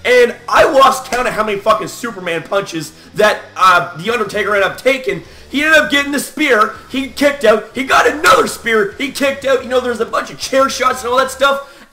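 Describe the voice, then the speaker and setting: A man giving a loud, animated reaction rant as a wrestling fan vlogger, swearing and shouting often. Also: extremely high pitch, normal speed, echoey room.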